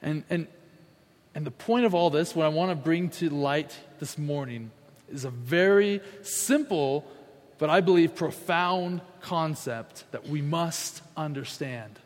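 A man's voice: fairly high pitch, unhurried. A man preaching a sermon, emphatic and repeating key phrases, acting out the people he quotes. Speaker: pastor. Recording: long hall reverb.

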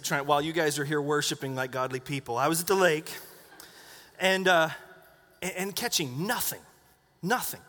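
High-pitched, pushed and bright, a middle-aged pastor's voice carries a chatty sermon story full of asides and acted-out quotes. The recording has the long reverb of a church hall in the sanctuary.

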